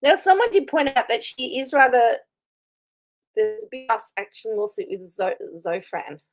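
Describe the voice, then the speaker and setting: Woman, live commentary host, chatty, reads out viewer comments, laughs a lot, fairly high voice. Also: big pitch swings, normal speed, low-quality recording. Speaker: commentary host reacting to a video.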